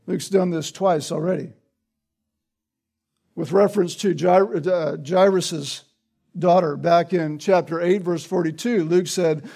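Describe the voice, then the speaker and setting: A man's voice: sits high, steady tone, unhurried, gravelly, warm tone. A man preaching an expository sermon, explaining the text and often checking in with the listeners through tag questions.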